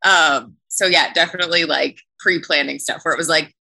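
Woman, cast member, chatty, laughs a lot, bright tone, lowish voice. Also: fairly even intonation, a little fast, vocal fry. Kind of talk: casual chat.

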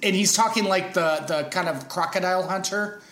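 Rambling man with a slightly high voice. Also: fairly bright tone, reverberant. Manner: rambling, halting, laughs often. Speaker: podcast guest, actor. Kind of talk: casual storytelling chat.

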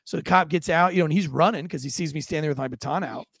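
A man's voice: on the high side, racing, gravelly, slightly rough, dry recording, studio quality. A man co-hosting a podcast, telling a story casually and animatedly, acting out quotes with lots of fillers. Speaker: podcast co-host, former police officer.

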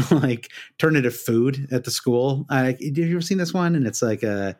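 A man's voice: mid-range voice, normal speed, a little mellow. A man from the United States co-hosting a sports podcast, chatting casually with lots of fillers and self-deprecating asides. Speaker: podcast co-host.

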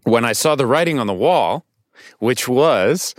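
A man guesting on a podcast as an actor, telling stories casually in a studio, animated and swearing now and then. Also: medium pitch, unhurried, no room sound. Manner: animated storytelling with restarts and swearing.

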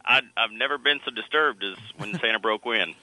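A man's voice: lowish voice, brisk, sharp tone, no room sound, poor audio. A male radio co-host telling an amused anecdote in casual banter.

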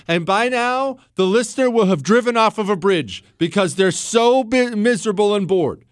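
A man's voice: sits high, no echo, studio quality. Brash, sarcastic male radio host in his 40s. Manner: sarcastic, brash, fast-shifting, mock-acts callers. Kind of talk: talk radio monologue.

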